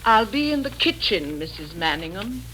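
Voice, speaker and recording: An actress playing a blunt, knowing young housemaid who speaks matter-of-factly, in 1940s radio acting style. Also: female voice, medium pitch, big pitch swings, normal speed, lightly acted. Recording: noisy old radio broadcast.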